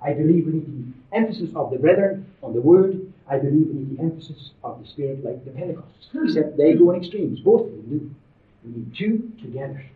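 A man's voice: a little high, animated, fairly quick. A man preaching a sermon in an emphatic, conversational way, with frequent asides to his listeners. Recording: roomy, distant, dull lo-fi sermon recording.

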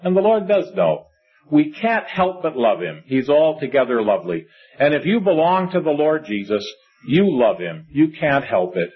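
A man's voice: on the high side, big pitch swings, normal speed, slightly rough. A middle-aged man preaching a sermon, reading scripture in old-fashioned wording and breaking into earnest conversational asides. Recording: dull lo-fi recording.

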